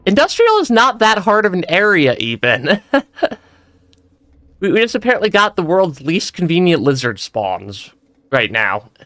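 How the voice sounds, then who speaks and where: Bright, lively young man streaming a game. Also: sits high, unhurried, no room sound. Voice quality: stammers and restarts often, laughs a lot. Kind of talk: casual let's-play commentary.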